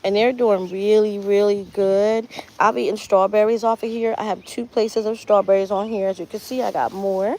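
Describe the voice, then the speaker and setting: A chatty woman walks through her garden outdoors, speaking into a phone she carries. Her middle-pitched voice sounds heartfelt and thankful as she points things out to her viewers. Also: steady tone, moderate pace, warm tone. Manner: chatty and heartfelt, often speaks of prayer and gratitude. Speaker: gardening channel host. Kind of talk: casual live garden tour.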